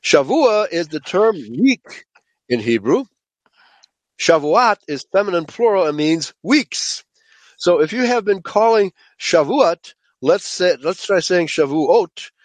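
A man with a fairly high voice teaches a Bible study lecture to a group. He speaks emphatically, stresses his points, and keeps checking in with his listeners. The sound is dry and close, with no room echo. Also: big pitch swings, measured pace. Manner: emphatic, checks in with frequent "okay?"; addresses listeners as "folks".

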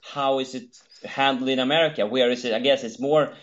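A man's voice: medium pitch, steady tone, fairly quick. Hesitant male guest. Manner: hesitant, many fillers and restarts. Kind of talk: casual talk show conversation. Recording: dull lo-fi sound.

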